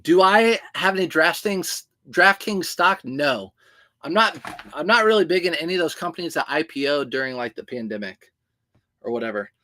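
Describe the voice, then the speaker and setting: A man with a high voice hosts a casual livestream about reselling clothes. He talks in a loose, chatty way and answers viewer comments as they come in. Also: animated, normal speed, bright, forceful tone.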